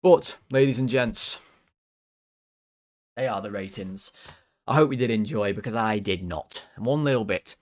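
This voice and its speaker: A man's voice: measured pace, pauses often, darkish tone. Fuming, ranting young man. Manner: frustrated, ranting, swears, voice jumps high when worked up. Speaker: football fan channel host. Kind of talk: player ratings rant to camera.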